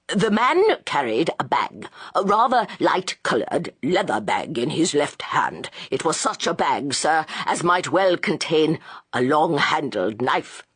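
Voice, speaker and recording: An audiobook reader voicing a formal old gentleman witness with a quavering voice. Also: medium pitch, slightly rough, no room sound, heavily acted.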